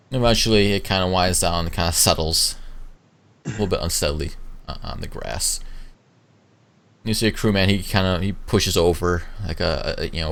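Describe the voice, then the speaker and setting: Deep-voiced male game master. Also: a bit bright. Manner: loose narration full of fillers like "kinda" and "like". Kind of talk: narrating a tabletop game.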